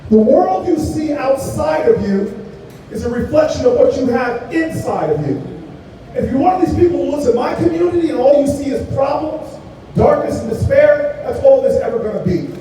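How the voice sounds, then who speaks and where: A man's voice: very high-pitched, expressive, normal speed, mellow, a little hiss or hum. A man quoting a stern elderly woman, a tiny community leader, in her firm, instructive, preacherly voice, heard from far off in an echoey hall. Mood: stern, preaching.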